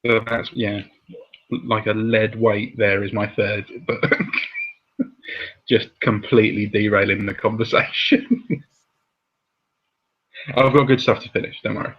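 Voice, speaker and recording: A man's voice: lowish voice, fairly even intonation, a little slow, pauses often, husky. A man hosting a casual chat about comics, chatty with laughing asides. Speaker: host. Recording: dull lo-fi sound.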